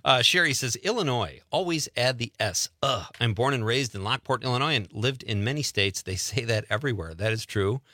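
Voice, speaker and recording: A man's voice: medium pitch, a little fast, hardly any pauses, dry recording, studio quality. A man with a Wisconsin accent hosting a casual radio talk show, reading listener messages and telling jokey stories. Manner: animated, jokey storytelling.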